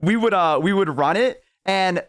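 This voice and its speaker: A young man on a stream tells a long story in casual, rambling chat, swearing and saying "like" constantly. His high, fairly bright voice moves at a normal speed.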